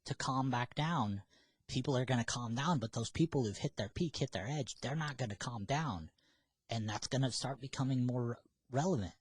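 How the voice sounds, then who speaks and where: Husky-voiced man in casual podcast chat. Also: medium pitch, moderate pace, no echo. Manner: teasing, playful, hints at what comes next. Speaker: podcast co-host.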